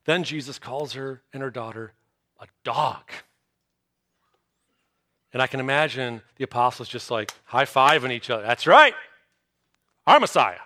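A man preaching a sermon, telling a Bible story with lively storytelling and acted-out reactions. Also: mid-range voice, moderate pace, pauses often. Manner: animated storytelling, acts out disciples' reactions. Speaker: pastor.

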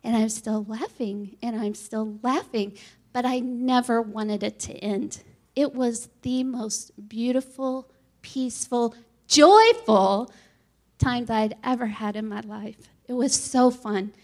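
A woman with a high, light voice tells her testimony earnestly. She speaks with animated, heartfelt storytelling energy. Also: slow. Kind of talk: church testimony talk.

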